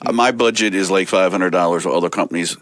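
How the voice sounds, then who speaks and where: A man's voice: deep voice, fast, no room sound. A man, a wrestling promoter and guest, telling stories in casual chat and acting out the people he quotes. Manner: animated, acts out quoted people. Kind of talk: casual storytelling.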